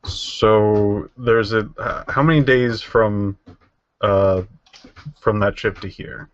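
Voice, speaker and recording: A man playing in an online tabletop game, speaking in a slow, halting way. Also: lowish voice, dry recording, highs cut off. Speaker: player. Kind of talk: casual game chat.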